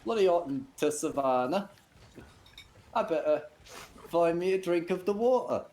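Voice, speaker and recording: A man's voice: sits high, sing-song, normal speed, vocal fry, slight background noise, voice pushed up, exaggerated voice. A man voicing a hot, grumbling male warthog in a clumsy put-on English accent, improvised for comedy.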